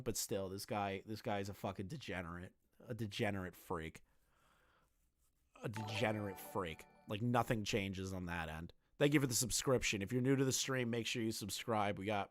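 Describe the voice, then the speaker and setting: A man's voice: lowish voice, dry recording, studio quality. A young man streaming live, ranting bluntly with lots of swearing and repeated phrases.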